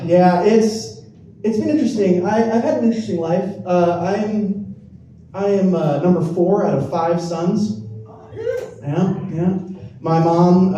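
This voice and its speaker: A man's voice: high voice, warm tone, highs cut off, slight background noise. A young man doing a rambling, self-deprecating stand-up set on a comedy club stage. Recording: roomy, distant club recording. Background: audience laughter.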